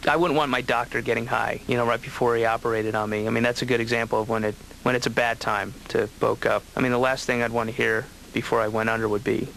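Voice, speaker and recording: A man's voice: medium pitch, level tone, fast, creaky, hardly any pauses, a bit bright, slight background noise, poor audio. Rambling, wry male comedian. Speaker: comedian patient. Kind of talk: stand-up monologue.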